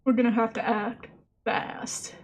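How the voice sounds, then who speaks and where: A young woman streaming a game, chatting casually and self-mockingly with her viewers and herself while soft lo-fi music plays behind her. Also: a little high, flat delivery, a little slow. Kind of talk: casual live-stream chat while gaming. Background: soft lo-fi background music.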